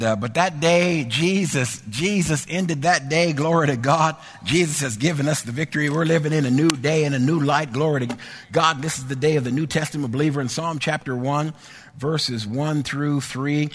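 A man delivers a sermon in a church, his voice a touch high and husky. He repeats lines in a rolling, sing-song rhythm and climbs into shouts. A long reverb from the hall trails each phrase. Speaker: preacher. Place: church sanctuary.

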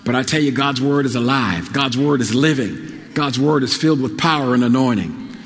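A man's voice: mid-range voice, normal speed, long reverb tail. A man preaching a sermon as pastor, earnest and repetitive, restarting his words with small stammers.

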